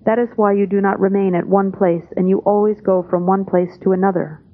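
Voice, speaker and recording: A woman giving a spoken translation of a spiritual talk in a calm, measured, plain way. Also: mid-range voice. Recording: tinny, phone-like old tape.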